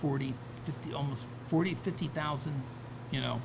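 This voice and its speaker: A man's voice: fairly high pitch, fairly even intonation, normal speed, gravelly, heavy background noise. A man talking casually as a podcast guest, rambling with many restarts and "right?" asides. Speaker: guest, record label founder. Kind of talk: casual interview talk.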